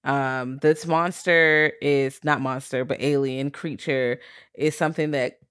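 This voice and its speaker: A woman's voice: extremely low pitch, fairly even intonation, a little slow, fairly bright tone, clear, resonant tone, dry recording, studio quality. A woman co-hosting a podcast, chatting casually about a film in a blunt, profane way, full of "like" fillers. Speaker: podcast co-host. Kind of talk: casual chat reviewing a film.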